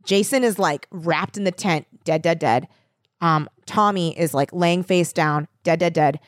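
A woman's voice: on the low side, measured pace, no echo, clean studio sound. A woman in casual chat, animatedly retelling a show's plot and acting out the lines. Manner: animated retelling, acts out quotes. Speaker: podcast co-host recapping a show.

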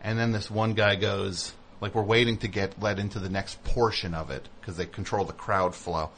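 Host: man, low voice, jokey storyteller, faint background hum. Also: steady tone, moderate pace, a bit bright. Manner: joking, teasing, tells stories with put-on voices. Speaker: radio show host. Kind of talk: comedic call-in radio chat.

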